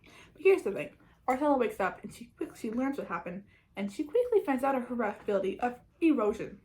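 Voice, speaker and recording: A woman chatting casually as a book reviewer, summarising a plot with frequent "like" and quick restarts. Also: fairly high pitch, very animated, a little mellow, low-quality recording.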